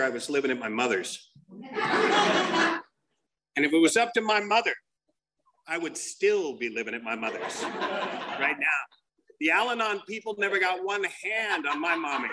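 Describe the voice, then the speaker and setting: A man's voice: high-pitched, noisy background. A man telling blunt, profane stories as he shares with a recovery group. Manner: profane, blunt, animated storyteller. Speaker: speaker sharing at a recovery meeting.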